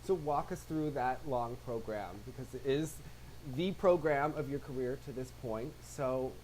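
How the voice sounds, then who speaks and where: A woman's voice: a bass voice, unhurried, dark tone, a little hiss or hum, rough recording. A woman interviewing a guest with friendly, conversational questions.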